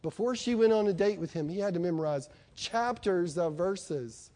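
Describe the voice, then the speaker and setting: This middle-aged male preacher talks at a normal speed, keeping his sermon conversational and emphatic while often quizzing the congregation. He has a mellow, fairly high voice.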